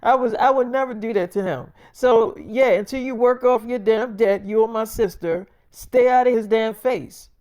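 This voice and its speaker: A man's voice: high-pitched, moderate pace, mellow, no echo, studio quality. A man voicing a furious young wife who scolds her mother, cursing heatedly in a freestyle role-play story.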